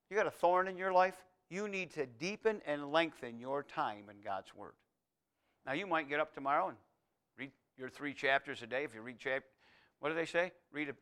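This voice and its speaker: Male pastor, sermon delivery, slightly high and clear, emphatic repetition with quiet stretches. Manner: preaching with rising, emphatic repetition; drops to a soft, intimate tone.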